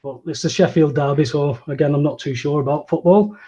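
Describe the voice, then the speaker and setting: A man hosting a casual talk show, rambling and restarting his sentences and growing animated when he agrees. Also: a little high, a little fast, slightly rough. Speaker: host. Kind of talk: casual conversational podcast chat.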